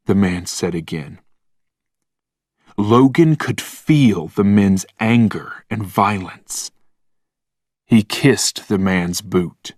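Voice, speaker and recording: Slow, deliberate male storyteller. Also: low voice, no room sound, studio quality. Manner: calm, plain, deliberate. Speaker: narrator. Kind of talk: slow scripted narration for language learners.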